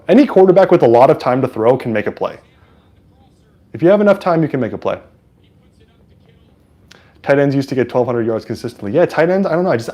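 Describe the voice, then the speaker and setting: A man from San Francisco hosting a livestream, chatting excitedly and casually as he comments on a football game. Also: mid-range voice. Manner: chatty and excitable, with frequent fillers. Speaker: livestream host. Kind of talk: casual live sports commentary.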